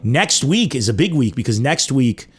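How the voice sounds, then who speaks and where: A young man hosting a comedy podcast, telling stories in a loose, animated way and swearing freely. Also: medium pitch, normal speed, husky. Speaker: podcast host. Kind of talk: casual comedic monologue.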